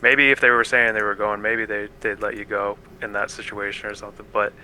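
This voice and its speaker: Bright, calm low-voiced man reasoning. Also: a little fast, a little hiss or hum, poor audio. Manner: patient, reasoning, hedging with um and you know. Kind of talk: calm table talk.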